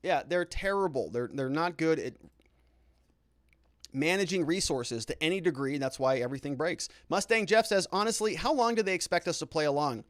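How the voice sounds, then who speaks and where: Male host, sits a bit high in pitch, dry close sound, reads chat and fires back with sarcastic outrage. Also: normal speed, no room sound. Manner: animated, indignant, sarcastic asides. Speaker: lawyer and show host. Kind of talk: live commentary reading viewer chat.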